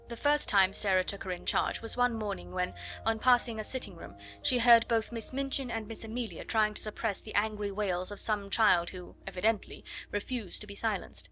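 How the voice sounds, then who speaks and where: Woman audiobook narrator, bright tone, expressive, soft music behind. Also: mid-range voice. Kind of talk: scripted narration.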